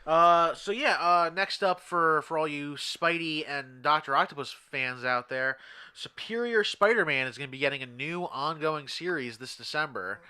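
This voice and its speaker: A man hosting a casual podcast chat in an animated, quick, joking way. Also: a little high, smooth. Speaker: podcast host.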